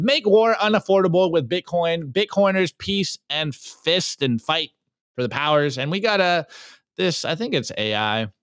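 A man hosts a solo podcast, reading memes aloud and rallying his listeners, swinging between fired-up calls and low, earnest asides. His voice is a bit bright, captured in a dry, studio-quality recording.

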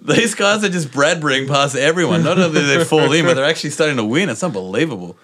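A man's voice: fairly high pitch, fast. An Australian man hosting a casual sports chat, telling stories with lots of laughter. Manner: animated storyteller, laughs often. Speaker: podcast host.

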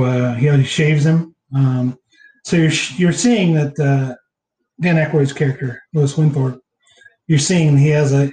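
Male podcast host, halting recap, echoey room. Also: on the high side, warm tone. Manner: halting, heavy filler words. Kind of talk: casual movie recap chat.

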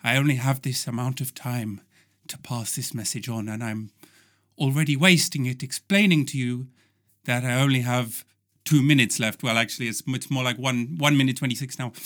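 A man's voice: a little high, a bit bright. A man playing a frantic doomed alien. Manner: urgent, rambling, self-interrupting. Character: frantic alien man from another dimension, about to explode.

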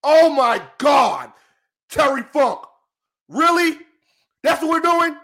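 A man co-hosting a wrestling talk show, ranting and shouting in exasperation. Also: very high voice, very animated, slow. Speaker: podcast co-host.

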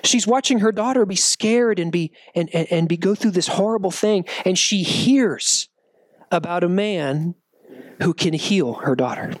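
A man's voice: high-pitched, measured pace, no echo. A man preaching a sermon to young people as their youth pastor, joking and acting out the people in the story. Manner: animated, joking, acts out quotes.

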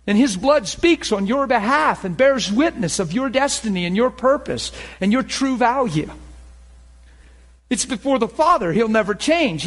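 A man's voice: very high-pitched, a bit bright. A middle-aged man preaching a sermon in a conversational way, acting out little dialogues and laughing often.

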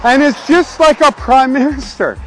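A man's voice: extremely high pitch, moderate pace, soft background music. A man, a pastor hosting his own show, talking in a casual, jokey, rambling way that keeps going off on tangents. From Canada. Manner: excitable, jokey, goes off on tangents. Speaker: pastor and podcast host.

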